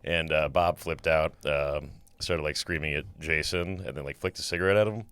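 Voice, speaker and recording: Deep, smooth-voiced male comedian guest. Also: steady tone, moderate pace, fairly bright tone, no room sound. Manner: laid-back, mumbly, hedging. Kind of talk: casual chat. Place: comedy club.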